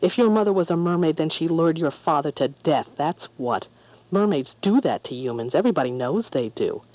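Storybook bully boy, jeering and spiteful, mellow tone, put on by the reader. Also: mid-range voice, lively intonation, normal speed, lightly acted, poor audio. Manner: sneering, taunting.

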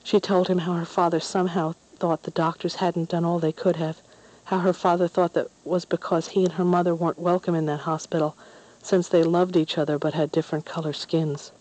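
A woman narrating a storybook in a gentle, measured way. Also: fairly low pitch, level tone, rough recording. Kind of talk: storybook reading.

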